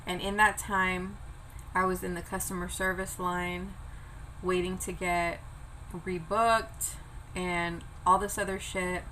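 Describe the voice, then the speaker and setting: Bright-voiced woman chatting between bites. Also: on the low side, level tone, takes it slowly, slight background noise, low-quality recording. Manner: chatty, eats while talking, swears casually. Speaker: vlogger. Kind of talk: casual mukbang chat.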